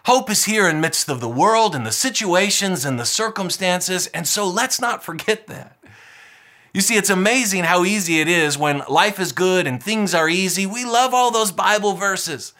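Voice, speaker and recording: High, bright-voiced emphatic preacher man. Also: lively intonation, moderate pace. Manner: emphatic, repetitive, rousing. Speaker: pastor. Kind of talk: sermon.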